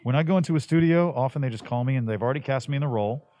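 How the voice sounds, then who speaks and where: A man, a voice actor, chatting casually in an interview, loose and animated, with many restarts. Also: medium pitch, very fast. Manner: animated, laid-back, rambling with restarts. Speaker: voice actor guest.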